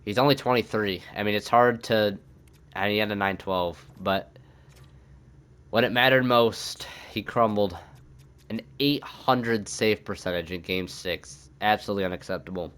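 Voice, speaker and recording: A man's voice: on the low side, normal speed, a bit bright, clean tone. A young man commenting on his own hockey video game season, thinking aloud and swearing when things go wrong. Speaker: gaming YouTuber.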